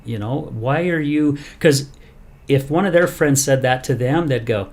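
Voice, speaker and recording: A man in casual podcast chat, retelling a story with a lot of energy. He slips into the voices of the people he quotes as he talks. His pitch sits right in the middle. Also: a little slow. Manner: animated storyteller, acts out quoted lines. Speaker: podcast host.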